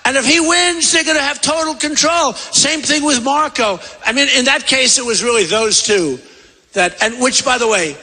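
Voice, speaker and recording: A man gives a campaign rally speech in a rambling, conversational way, circling back and repeating himself. His voice is high for a man, bright and forceful. It rings out through a big convention hall with a long reverb. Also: moderate pace, breathy edge. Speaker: political candidate at a rally. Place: large convention center hall.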